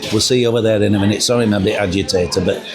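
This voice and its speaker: Talking very fast in a fairly low, steady voice, this middle-aged man vlogs as he walks, filming windy outdoor steps and narrow yards. He's chatty and jokey, rambling with ums, while crowd noise comes through his windshielded camera mic.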